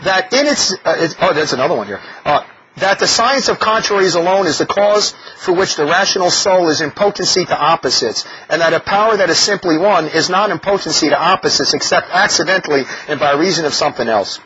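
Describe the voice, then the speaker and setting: A man preaching a sermon in an animated, mocking way, often laughing as he talks. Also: on the high side, brisk. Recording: dull lo-fi recording with faint noise.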